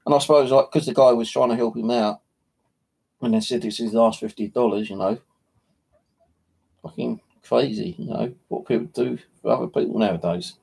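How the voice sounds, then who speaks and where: Gravelly, husky man rambling. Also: mid-range voice, steady tone, normal speed, darkish tone. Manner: rambling, sweary, heavy "you know" filler. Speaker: paranormal channel host. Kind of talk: casual livestream chat.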